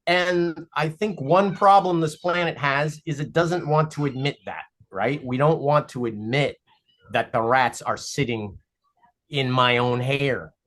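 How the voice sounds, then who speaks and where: A cartoon creator chats as a podcast guest from home, telling stories with animated emphasis. The voice sits in an ordinary middle range, and the delivery is lively and expressive. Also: medium pitch, unhurried. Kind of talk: casual podcast conversation.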